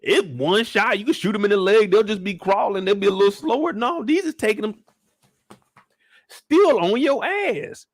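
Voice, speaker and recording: A young man giving live episode commentary with a high voice that swings widely up and down. He talks in a loose, profane, joking way and bursts into acted-out lines. The sound is dry and close, with no room around it. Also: normal speed, dry recording. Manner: animated, profane, comic riffing; acts out scenes in shouted bursts. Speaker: streamer reviewing a TV episode.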